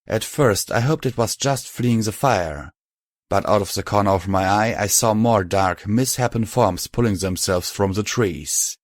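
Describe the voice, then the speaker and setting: Male audiobook narrator, lowish voice, dry close sound. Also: dry recording. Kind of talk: scripted narration.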